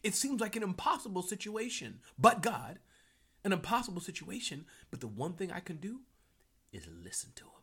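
A man hosting a live motivational talk and reading chat comments aloud. He repeats his key phrases and swings from hushed whispers to loud, fired-up bursts. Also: sits high, very animated, a little fast, slightly rough. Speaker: live-stream host.

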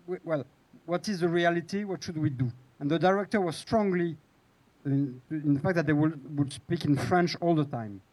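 Male screenwriter, panel guest, slightly high voice, stumbling and restarting as he talks. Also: a little mellow, low-quality recording. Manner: halting, many restarts and fillers. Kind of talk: hesitant panel talk.

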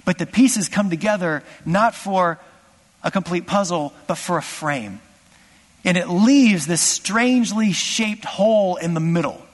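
A man preaching a sermon as pastor, impassioned, swinging from loud exclamations to hushed asides. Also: high voice, a little slow, big-room sound.

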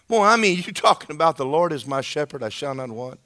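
A man preaching a sermon in an animated, conversational way, speaking emphatically and often checking in with his listeners. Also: on the high side, brisk.

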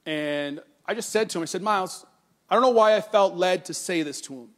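Middle-aged male pastor, sermon storytelling, slightly high voice, earnest. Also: brisk. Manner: storytelling with animated quoting, then earnest and softer on scripture.

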